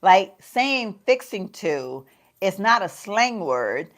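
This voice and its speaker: A woman with a Southern US accent chatting casually to her viewers while she does her makeup, folksy and quick to laugh. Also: mid-range voice, very animated, a bit bright. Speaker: lifestyle vlogger.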